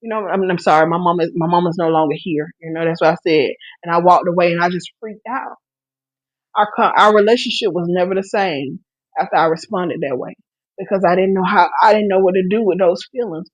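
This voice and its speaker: A woman's voice: on the low side, brisk, no echo, poor audio. Woman host preaching on a live stream, earnest, keeps restarting, dry room. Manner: earnest, repetitive preaching cadence with many restarts; speaks to listeners directly with encouragement. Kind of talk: preaching testimony.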